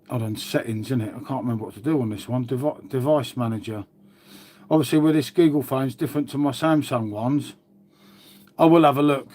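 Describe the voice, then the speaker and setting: A man's voice: on the high side, a little mellow. A man chatting casually on a live stream, rambling and swearing now and then. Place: outdoors.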